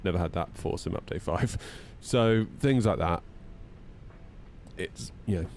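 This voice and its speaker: Chatty low-voiced man streaming. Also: unhurried, darkish tone, a little hiss or hum. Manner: chatty, rambling, jumps up in pitch when exasperated. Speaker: flight sim streamer. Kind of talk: casual live-stream chat.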